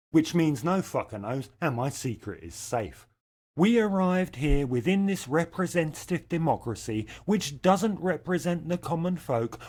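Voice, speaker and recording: A middle-aged man delivering a scripted satirical rant in a sardonic, profane, deadpan way. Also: on the high side. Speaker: comedy ranter.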